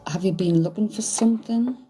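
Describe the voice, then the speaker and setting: A woman's voice: medium pitch, fairly quick, mellow, a little hiss or hum. A woman doing a psychic reading, thinking aloud in a hesitant, searching way. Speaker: psychic medium. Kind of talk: live medium reading.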